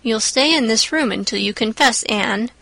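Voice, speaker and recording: A woman's voice: fairly high pitch, normal speed, vocal fry, pushed and bright, no echo, full character voice, poor audio. A woman voicing a stern, strict older female guardian who speaks firmly and curtly. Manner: firm, clipped.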